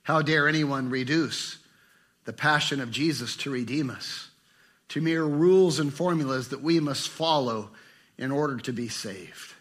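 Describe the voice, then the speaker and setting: A middle-aged man preaching a sermon with passion, swinging between fervent bursts and hushed, tender lines. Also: mid-range voice, a little slow. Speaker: pastor.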